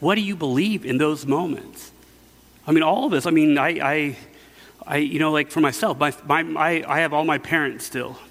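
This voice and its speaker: A man's voice: on the high side, moderate pace, fairly bright tone. A middle-aged man preaching a casual sermon, telling stories with many fillers and restarts. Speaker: pastor. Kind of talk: conversational sermon. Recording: long hall reverb.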